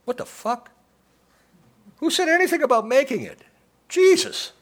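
A man voicing a crude, quick-tempered male restaurant cook, talking bluntly and coarsely. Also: on the low side, fairly bright tone. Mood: outraged.

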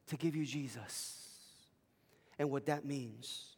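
A pastor whose first language is Spanish, telling an animated, emphatic story during a sermon in a chapel. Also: male voice, medium pitch, slow pace, vocal fry, pauses often, husky. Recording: long reverb in a chapel.

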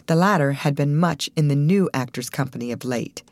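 A woman reading a classic novel aloud as an audiobook narrator, in an expressive scripted narration. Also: very deep voice, moderate pace, few pauses, no echo, studio quality. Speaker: audiobook reader.

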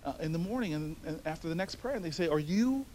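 A man telling a personal story in a speech, animated and building to shouts, then turning hushed and earnest. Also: fairly high pitch, racing, a little hiss or hum. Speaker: speaker addressing a university audience.

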